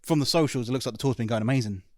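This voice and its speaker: A man's voice: mid-range voice, rapid-fire, no echo. Chatty male interviewer with a mid-range voice and a very dry, close sound. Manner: chatty, laughs easily, rambling questions. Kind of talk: casual interview chat.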